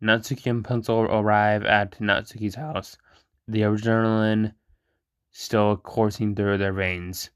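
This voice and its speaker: Man host reading a chatbot role-play: slow, monotone, smooth voice. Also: lowish voice, no room sound, studio quality. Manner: monotone reading with stumbles and blunt reactions. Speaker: channel host reading an AI chat.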